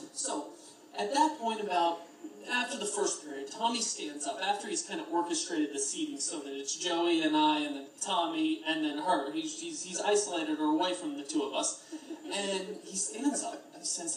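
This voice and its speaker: A man's voice: sits high, animated, fairly quick, slight background noise. A man in his twenties giving a best man's toast, telling stories in a chatty way and laughing at his own jokes. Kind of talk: wedding toast storytelling. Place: wedding reception hall. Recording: echoey reception hall from far off.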